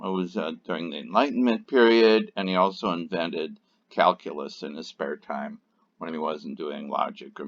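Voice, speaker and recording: A deep-voiced man teaches a logic lesson, his pitch rising and falling a great deal as he works through examples. He talks off the cuff, with fillers, restarts and the odd dry aside. The recording sounds dull and lo-fi. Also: creaky, a bit bright. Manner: unscripted explaining with frequent fillers and restarts. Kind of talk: recorded online lecture.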